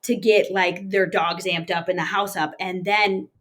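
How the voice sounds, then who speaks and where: A woman in her thirties, an interview guest, recounting a personal story in a plain, halting way with many fillers. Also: fairly low pitch, steady tone, a bit bright.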